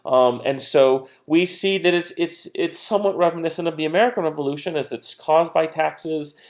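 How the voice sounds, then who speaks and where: A history teacher gives a recorded lecture in a casual, conversational style, full of fillers and playful quoted voices. His fairly high-pitched voice moves at a moderate pace.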